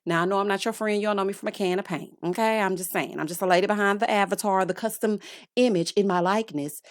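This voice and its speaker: A woman in her late thirties giving a sassy, animated recap of a reality TV episode, full of scolding asides and endearments. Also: medium pitch, fast, no room sound, clean studio sound. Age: late 30s. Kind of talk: casual recap commentary.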